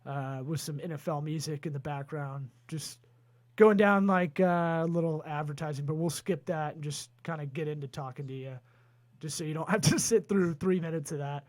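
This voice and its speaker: A man hosting a comedy business podcast, joking loudly as he rattles through sponsor reads. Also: fairly high pitch. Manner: loud, joking, rapid-fire ad reading. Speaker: podcast host.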